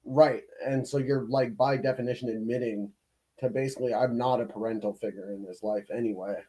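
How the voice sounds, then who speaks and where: A man co-hosting a reaction stream, talking in a measured, thoughtful way with fillers. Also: mid-range voice, fairly even intonation, warm tone, low-quality recording. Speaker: stream co-host. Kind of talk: casual reaction commentary.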